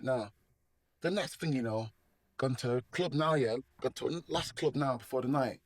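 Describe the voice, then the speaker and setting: A man's voice: mid-range voice, brisk, no room sound. A middle-aged man with a Manchester accent telling his life story as a guest, rambling with slang and acting out the voices of people in it. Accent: Manchester English. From England. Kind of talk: personal testimony storytelling.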